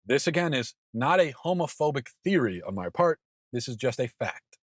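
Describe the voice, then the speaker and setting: A man's voice: mid-range voice, big pitch swings, normal speed, no echo, clean studio sound. A man in his thirties hosting an opinion show, talking emphatically with frequent stammered restarts. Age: 30s. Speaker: podcast host. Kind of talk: opinion monologue.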